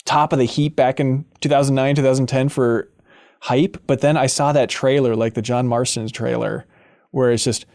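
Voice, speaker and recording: A man hosting a casual podcast chat, playful and animated, with jokey asides. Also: medium pitch, moderate pace. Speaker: podcast host.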